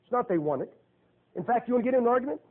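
Male preacher, high voice, folksy and emphatic, phone-thin audio. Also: expressive, rapid-fire. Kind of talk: sermon. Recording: tinny phone-like lo-fi recording.

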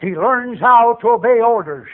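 A man preaching a folksy storytelling sermon, acting out voices and building to shouts. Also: extremely high pitch, expressive, moderate pace. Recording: tinny phone-like radio broadcast.

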